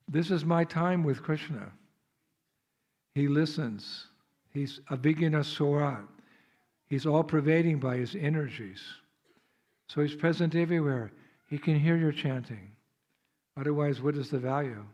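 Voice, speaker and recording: A man's voice: mid-range voice, moderate pace, darkish tone. A man with an American accent giving a devotional sermon at a temple, telling stories in a chatty way, laughing often and acting out the scenes. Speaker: visiting monk speaker. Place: temple hall.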